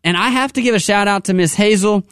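A man hosting a radio pledge drive, upbeat and urging, who slows down to repeat phone numbers. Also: sits high, a bit bright, smooth, dry recording, clean studio sound. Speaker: radio fundraiser host. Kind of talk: on-air pledge drive appeal. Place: radio studio.

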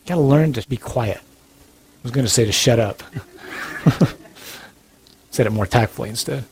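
A priest giving an earnest, direct sermon-style talk, animated and blunt with touches of humor. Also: male voice, mid-range voice, normal speed, gravelly, slight background noise, poor audio.

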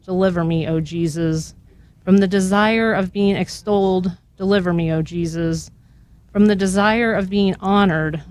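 A woman's voice: on the low side, darkish tone, no room sound. Woman guest on a radio call-in show, leads the prayer earnestly and devoutly, dry close studio mic. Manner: earnest, slow and devout, voice catching with emotion. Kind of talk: reading a litany aloud.

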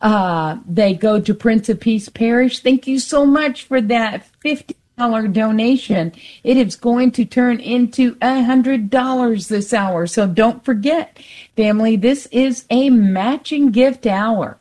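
A woman's voice: fairly high pitch, warm tone. Woman co-hosting a radio pledge drive. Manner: reads the phone number slowly and deliberately. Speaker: radio fundraiser co-host. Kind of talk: on-air fundraising appeal. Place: radio studio.

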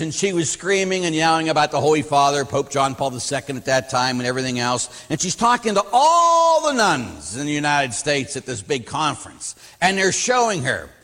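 A man, a Catholic priest, preaching a sermon in an animated, emphatic, anecdotal way. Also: on the high side. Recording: long reverb of a hall.

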